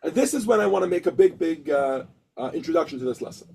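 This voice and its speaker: Male teacher with a high, husky voice; lively storyteller who acts out each character. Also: quick pace, rough recording. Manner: animated storyteller acting out characters, frequent restarts. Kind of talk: storytelling lesson.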